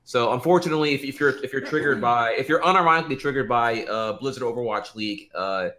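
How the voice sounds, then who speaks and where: A man on a group call giving a measured, explanatory take in casual chat. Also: medium pitch, pushed and bright, a little hiss or hum. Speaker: streamer guest on a talk show.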